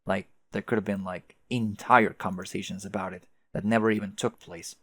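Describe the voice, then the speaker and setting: A man's voice: low voice, steady tone, moderate pace, a bit bright. A young man voicing a sardonic, self-mocking young guy who talks dryly and swears casually. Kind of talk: reading a webcomic aloud, voicing characters.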